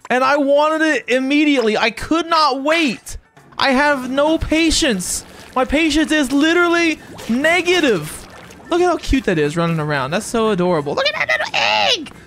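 A streamer chatting casually during a live gaming session, excitable and rambling, often stammering and repeating words. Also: sits high, moderate pace, soft background music.

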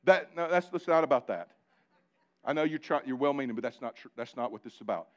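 A man preaching a live sermon in church, animated and joking with his congregation, calling on them directly. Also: medium pitch, quick pace, dull audio. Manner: animated, talks directly to the congregation with asides and jokes. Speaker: pastor. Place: church sanctuary before a congregation.

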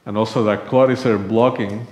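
A man's voice: on the low side, fairly even intonation, normal speed, a little mellow. A man preaching a sermon in a church, telling a personal story in a conversational way and acting out the dialogue. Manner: conversational, acts out quoted dialogue. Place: church sanctuary. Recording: echoey church room.

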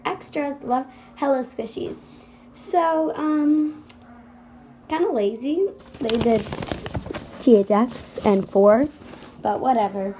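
A bubbly woman vlogger gushes excitedly as she hosts a casual skit. Her voice is fairly high. The home recording carries a clear layer of noise. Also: slow, long pauses, poor audio. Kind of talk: casual kids' vlog skit.

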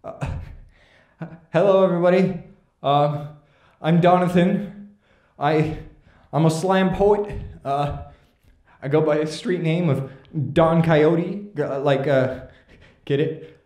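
A man acts out a sheepish young slam poet who mumbles and restarts his sentences constantly. The voice is slow and halting. The room adds a noticeable echo. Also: fairly high pitch, fairly even intonation, darkish tone. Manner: mumbling, hesitant, full of fillers and restarts. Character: nervous awkward young male slam poet. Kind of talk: comic character monologue.

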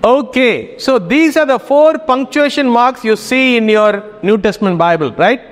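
Guy teaching class, fairly high voice, long echo in the room, keeps asking right?. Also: expressive, moderate pace. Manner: casual, checks in with students often. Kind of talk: classroom lecture. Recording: reverberant hall.

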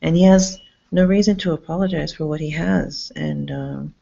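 This woman's creaky, dark-toned voice sits low and moves at a normal speed. She rambles agitatedly to her camera inside a public campus building, cursing frequently and starting sentences over, all captured in dull lo-fi audio.

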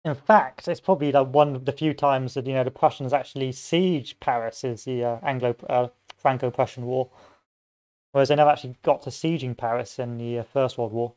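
A man's voice: medium pitch, steady tone, fairly quick, darkish tone. A man giving casual gameplay commentary, rambling off into history tangents and joking asides. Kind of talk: casual let's-play commentary.

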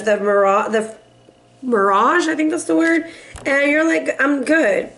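A woman doing a casual tarot reading in a sassy, playful way, laughing often and teasing her viewers. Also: a little high. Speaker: tarot reader.

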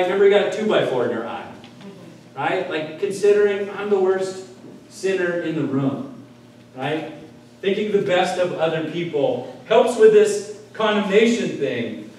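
A male pastor preaching a sermon in a conversational way, tossing out rhetorical questions and checking in with "right?". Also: high voice. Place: church sanctuary. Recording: echoey room heard from a distance.

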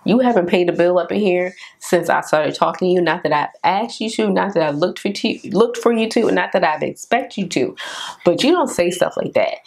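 Candid woman with a low voice telling a dating story. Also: fairly quick, vocal fry. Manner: candid and animated, quotes others in raised voice. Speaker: vlogger. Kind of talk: storytime vlog, casual chat.

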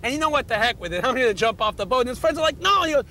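An actor playing an eccentric, talkative New York cab driver, rambling through a giggly, excitable story in a New York accent as a comedic TV promo. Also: male voice, very high-pitched, rapid-fire, a little hiss or hum, heavily acted. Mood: rambling excited.

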